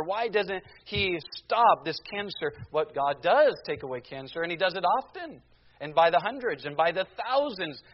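A man's voice: high voice, dull audio. A man preaching a sermon, hammering home his point with one rhetorical question after another. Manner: emphatic, rhetorical questions, slows down on key phrases.

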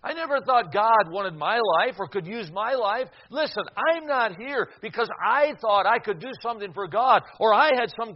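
A man in his sixties preaching a sermon, telling a personal story with dramatic swings from loud to hushed and some stammering restarts. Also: high-pitched, lo-fi sound.

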